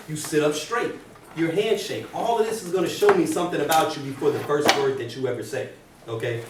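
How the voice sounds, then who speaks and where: A man teaching a class about job interviews, talking in an energetic classroom lecture style. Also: fairly high pitch. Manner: energetic, demonstrates bad habits by mumbling. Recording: roomy, distant, faint hiss.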